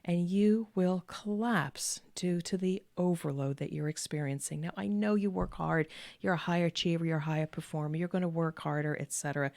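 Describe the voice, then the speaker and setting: Middle-aged woman host, low steady voice, calm measured delivery, dry close room. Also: vocal fry, no echo. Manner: calm, measured, with deliberate pauses; earnest and encouraging, repeats key words. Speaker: podcast host and executive coach. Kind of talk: direct-to-camera advice talk.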